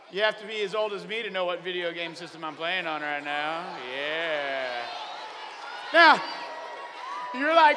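A middle-aged man retells a Bible story for children, playful and full of jokes. His voice is high and bright. It sits in a reverberant hall with a faint hiss behind it. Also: unhurried, long pauses, some chatter behind. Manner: playful, animated, jokey. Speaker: children's minister. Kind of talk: lively children's Bible lesson.

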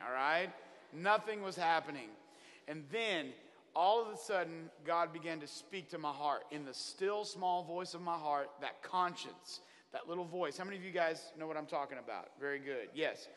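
A man with a bright, forceful voice tells a funny personal testimony to a congregation, playing out his side of a conversation with God. His voice sits a touch higher than most men's and rings with a long reverb from a large hall. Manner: animated storytelling, acts out his own prayers. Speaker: traveling children's minister. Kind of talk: comedic testimony sermon.

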